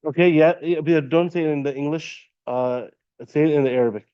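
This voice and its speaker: A man teaching a classroom lesson, patiently quizzing students and repeating terms slowly. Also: on the high side, clear, resonant tone, dry recording, dull audio. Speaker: Arabic teacher. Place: classroom at an Islamic center.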